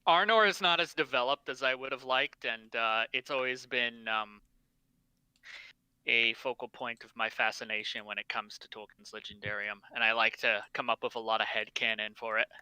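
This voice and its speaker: Male co-host, bright and crisp, dry close mic, talkative explainer. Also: medium pitch, fairly even intonation, moderate pace, no room sound, low-quality recording. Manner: knowledgeable, explains at length with fillers. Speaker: podcast co-host. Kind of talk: casual livestream chat.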